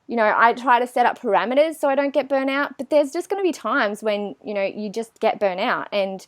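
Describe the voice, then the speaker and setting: A woman's voice: on the high side, animated, brisk, dry recording. A woman, chatting animatedly as an interview guest and acting out her own thoughts. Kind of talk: casual interview chat.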